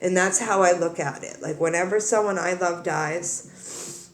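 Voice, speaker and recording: A woman's voice: fairly low pitch, unhurried, echoey room. A woman tarot reader talking earnestly to her viewers, crying as she comforts them, with many repeats and restarts. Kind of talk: emotional direct-to-camera talk.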